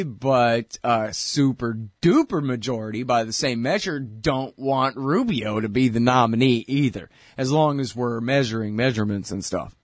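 A man's voice: mid-range voice, dry recording, clean studio sound. A man hosting a talk show, rambling in a blunt, sarcastic way between ad reads. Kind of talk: casual political talk and ad reads.

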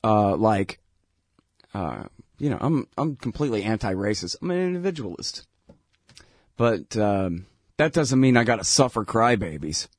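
A man's sarcastic, casual rant swings widely in pitch, moving at a moderate pace with long pauses. Recorded dry and clean in a studio, he chuckles between points and ridicules people with whiny falsetto voices.

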